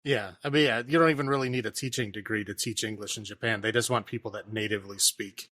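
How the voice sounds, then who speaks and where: A man's voice: on the low side, steady tone, quick pace, pushed and bright, no echo, studio quality. A man co-hosting a podcast, chatting casually and filling in plot details of a movie. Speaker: podcast co-host.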